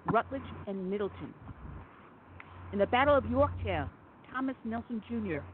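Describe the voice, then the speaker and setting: Impassioned woman talk radio host, phone-thin audio. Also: medium pitch. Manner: impassioned, emphatic, sarcastic. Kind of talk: conservative talk radio monologue. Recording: phone-like narrow audio with faint noise.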